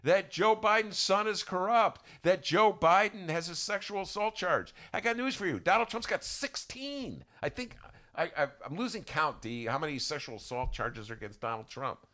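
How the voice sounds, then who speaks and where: A man's voice: a little high, bright, forceful tone. A man giving an indignant, stumbling political rant on a talk podcast, recorded at a studio microphone. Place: radio-style studio.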